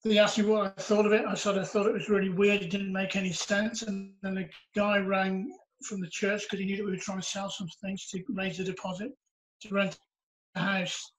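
A man's voice: high-pitched, level tone, brisk, a little hiss or hum, poor audio. A man recounting a personal story in an earnest, reflective way during a church interview. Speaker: interviewee sharing his testimony.

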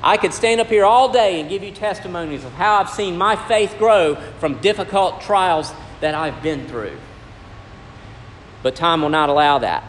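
Preacher with ringing hall echo. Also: male voice, high-pitched, normal speed, slight background noise. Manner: preaching with sharp swings between loud and hushed lines. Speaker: pastor. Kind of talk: sermon. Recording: long hall reverb with faint ambience.

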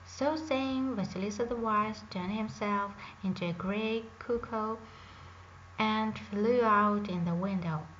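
A woman telling a fairy tale in English, reading slowly and carefully, on a dull lo-fi recording. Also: mid-range voice, fairly bright tone. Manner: slow, careful reading aloud. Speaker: storyteller. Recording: dull lo-fi recording with faint hiss.

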